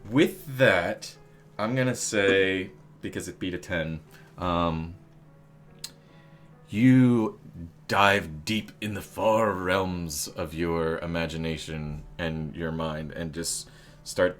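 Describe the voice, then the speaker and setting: A low-voiced man running a tabletop game as game master, speaking slowly and deliberately. He rambles, filling gaps with ums and likes and tossing in silly asides, with faint music underneath. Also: fairly bright tone. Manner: rambling, many fillers, jokey asides.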